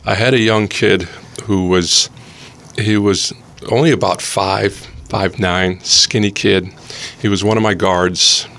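A man's voice: fairly low pitch, fairly even intonation, slow, a bit bright, a little hiss or hum. A middle-aged man, a pastor and coach, telling an earnest story in casual conversation, often repeating words as he starts.

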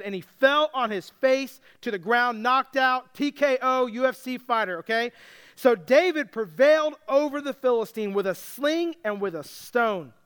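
A man preaching a sermon, retelling a story with lively, casual character voices. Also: very high-pitched, clear, resonant tone. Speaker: pastor.

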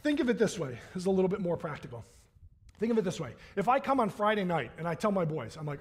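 A pastor preaches a sermon in a church in a conversational style, often checking in with "right?" and acting out the voices of people he quotes. His high-pitched voice swings widely in pitch and moves at a quick pace.

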